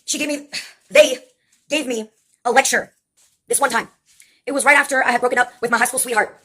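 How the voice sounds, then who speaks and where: A woman, likely in her twenties, telling wry personal stories in a rambling vlog monologue full of filler pauses. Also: sits high, fairly even intonation, pushed and bright. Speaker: vlogger. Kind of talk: casual storytelling monologue.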